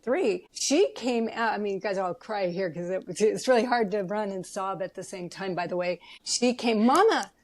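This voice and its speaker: Woman guest chatting on a podcast, heartfelt storyteller, gets animated. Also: mid-range voice, normal speed, few pauses. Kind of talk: casual interview chat.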